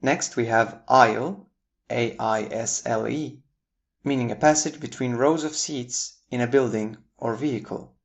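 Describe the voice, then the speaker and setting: American man teaching English word pairs. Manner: clear, deliberate explanation with spelled-out words; upbeat jumps in pitch at each new word pair. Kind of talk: scripted lesson narration.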